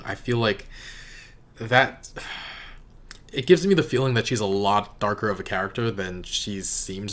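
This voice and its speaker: A man giving casual reaction commentary on an episode, musing aloud in a halting way with frequent fillers and soft laughs. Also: lowish voice. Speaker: show reactor and reviewer.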